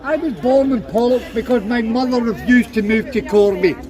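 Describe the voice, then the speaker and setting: A Glaswegian man arguing bluntly at a street protest, insisting on his point. His voice is strikingly high for a man. The crowd around him is loud and close. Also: moderate pace. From Glasgow, Scotland. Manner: blunt, insistent, calls people mate. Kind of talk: heated street argument. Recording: outdoor street with crowd noise. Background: crowd noise.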